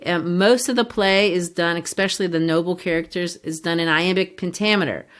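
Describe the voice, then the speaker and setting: A woman's voice: lowish voice, fairly even intonation, fairly quick, fairly bright tone. A woman co-hosting a podcast, explaining a play in a teacherly, casual way and sounding out verse rhythms. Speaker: podcast co-host. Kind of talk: casual literature discussion.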